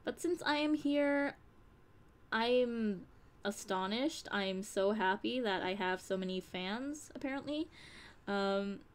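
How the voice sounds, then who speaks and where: A woman's voice: medium pitch, slow. A young woman talking on a live stream, in a candid, rambling way with casual swearing. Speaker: streamer and audio creator.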